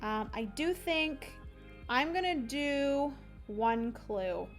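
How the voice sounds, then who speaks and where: A woman's voice: sits high, lively intonation, slow pace, soft background music. A young woman streamer chatting casually and giggling as she rambles through a livestream.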